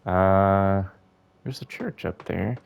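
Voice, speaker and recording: Low voiced guy chatting away while he plays a game, kinda musing and rambly. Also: slow, creaky, smooth, lo-fi sound. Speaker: gaming YouTuber. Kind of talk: casual let's-play commentary.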